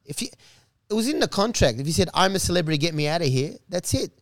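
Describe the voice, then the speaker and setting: A man telling a long story in casual chat, animated and profane, with many restarts and laughs. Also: high-pitched, fast talker, dry recording. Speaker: guest telling stories.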